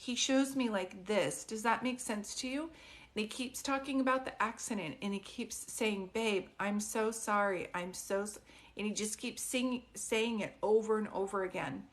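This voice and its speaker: Woman, psychic medium on a live stream, gentle and questioning, mid pitch, close phone mic. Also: moderate pace. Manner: soft, consoling, often asks questions. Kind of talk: live-stream reading, casual and chatty.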